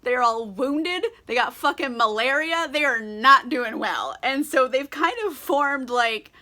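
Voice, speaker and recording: A tipsy woman vlogger rambles through a casual book recap. She is irreverent, swearing and giggling as she goes. Her voice is high, bright and sharp. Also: unhurried.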